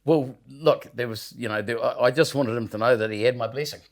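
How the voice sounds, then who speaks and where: A man's voice: mid-range voice, fairly quick. A man with a New Zealand accent telling a rambling, laughing anecdote in casual podcast chat, swearing casually as he goes. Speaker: show regular telling a story.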